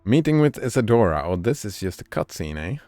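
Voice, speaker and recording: A man's voice: lowish voice, big pitch swings, fairly quick, dark tone, faint music behind. A man giving casual commentary while streaming a game, thinking aloud and chatting with viewers.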